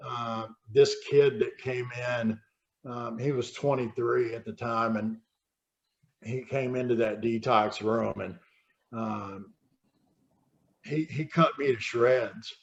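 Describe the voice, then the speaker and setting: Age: 50s. Sex: man. Role: podcast guest. Pitch: average male. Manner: candid, halting storytelling that often repeats words. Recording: dull lo-fi podcast audio. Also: fairly even intonation.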